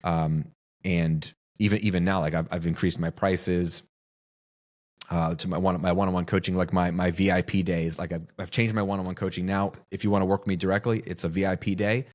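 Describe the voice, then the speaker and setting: A man's voice: deep voice, little pitch movement, a little fast, darkish tone. A middle-aged man and business coach, talking straight to camera in an emphatic, teaching style and repeating phrases for stress. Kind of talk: direct-to-camera teaching talk.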